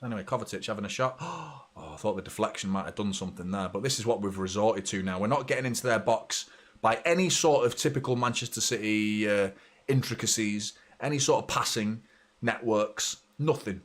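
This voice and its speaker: A man's voice: on the low side, a little fast. A man in his thirties from the UK hosting a live football watchalong, blunt and sweary, reacting to the play and chatting to viewers. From United Kingdom. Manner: blunt, sweary, excitable when play heats up. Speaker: host of a fan watchalong. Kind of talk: live match reaction and chat.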